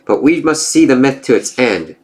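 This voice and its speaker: A man's voice: medium pitch, big pitch swings, normal speed, darkish tone, a little hiss or hum, pitched above the performer's own voice, lightly acted. A man reading out the lines of an ancient male giant king of illusion from a comic, in a slightly raised, declaiming voice. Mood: taunting.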